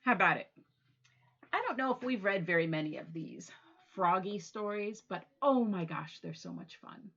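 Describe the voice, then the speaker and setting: A woman reading a children's storytime from her home, playful and animated with the kids. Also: mid-range voice, normal speed, creaky, muffled recording. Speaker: library storytime reader.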